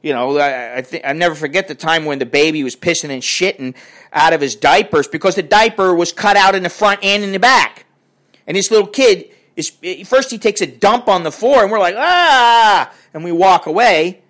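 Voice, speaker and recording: A man's voice: high-pitched, fairly quick, fairly bright tone. An older man ranting in a crotchety, profane and rambling way as he talks to his viewers. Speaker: vlogger. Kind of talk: casual rant to camera.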